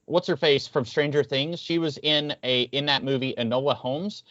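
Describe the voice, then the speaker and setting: A man's voice: mid-range voice, moderate pace, fairly bright tone, dry recording. A man co-hosting a casual podcast, chatty and wry, rambling through his points. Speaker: podcast co-host. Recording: dull, dry lo-fi audio.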